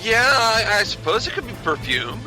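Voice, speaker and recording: A man's voice: sits high, very animated, music in the background, voice pushed up. A man with an American accent reading the part of a freshly regenerated Doctor in a podcast read-through, fussy and puzzled. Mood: quizzical. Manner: read aloud from a script, quick and quizzical.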